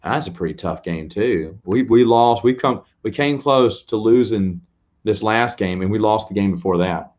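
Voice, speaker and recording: A fairly low-voiced man chats casually on a late-night stream, rambling and poking fun at himself. His voice comes through a dull, lo-fi recording. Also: moderate pace, a little mellow. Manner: rambling, self-deprecating, laughs often. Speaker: host answering viewers' questions.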